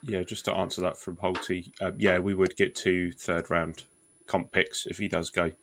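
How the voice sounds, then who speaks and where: A man's voice: low-pitched, flat delivery, normal speed, fairly bright tone. A man hosting a sports podcast, steering the talk and putting questions to his co-hosts. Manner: leads talk, passes questions to others. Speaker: podcast host. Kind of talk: casual sports chat.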